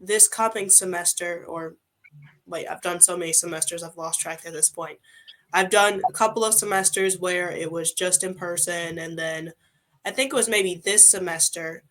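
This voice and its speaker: A young woman hosting a casual interview, chatty and animated, with lots of filler words. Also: on the low side, moderate pace, slight background noise. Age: young adult. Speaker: podcast host interviewing a student.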